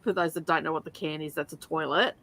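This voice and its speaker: A middle-aged Australian woman hosting a reading stream, telling animated stories in casual chat and often breaking into laughter. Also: low-pitched, fast talker, creaky, dry recording.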